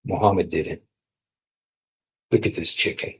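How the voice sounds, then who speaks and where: Male preacher, gravelly and breathy, polemical and sarcastic, loud bursts then quiet asides. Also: low-pitched, steady tone, measured pace. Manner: emphatic and mocking, swings between loud and quiet. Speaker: preacher on a streamed show. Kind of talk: polemical religious talk.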